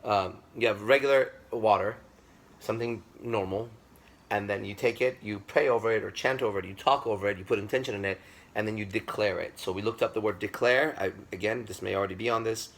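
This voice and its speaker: A man's voice: lowish voice, fairly quick. A man giving a classroom lecture, speaking with emphasis, repeating himself and checking that the class agrees.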